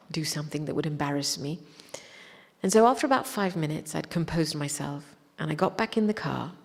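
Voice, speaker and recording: A woman's voice: sits low, vocal fry. A woman spiritual teacher telling a personal story in a reflective way, often dropping to a whisper. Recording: long hall reverb.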